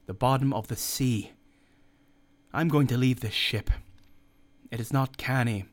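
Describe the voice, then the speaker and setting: A man voicing a calm, wry ship's surgeon who answers in a firm, matter-of-fact way. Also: mid-range voice, a little slow, natural voice. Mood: dry.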